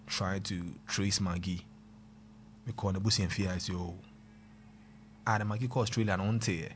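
A young man with a Ghanaian accent, casually telling a personal story, mixing pidgin and local words and swinging between loud and quiet. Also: low voice, slight background noise.

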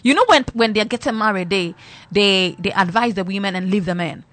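A woman's voice: mid-range voice, fairly quick, fairly bright tone, no echo. A woman ranting bluntly and exasperatedly in a casual monologue to her followers.

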